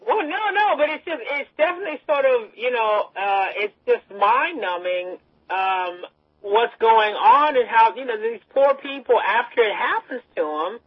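A woman co-hosting a political talk radio show, outraged and halting as she searches for words. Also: on the high side, lively intonation, slightly rough. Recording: dry lo-fi radio sound.

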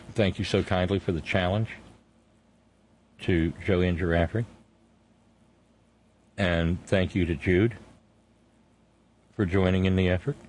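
A middle-aged man hosting a talk show in a fairly low voice. He talks earnestly, stumbling and restarting as he gathers his thoughts, and signs off with long rounds of thanks. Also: darkish tone, a little hiss or hum. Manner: earnest, halting with many restarts. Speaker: radio show host. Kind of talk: casual on-air chat and sign-off.

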